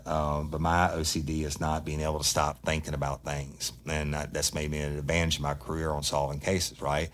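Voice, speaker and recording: A man with an extremely deep, low voice and a drawl, hosting a true-crime podcast. He talks in a loose, blunt monologue, swearing freely and sounding fired-up. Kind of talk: casual monologue storytelling.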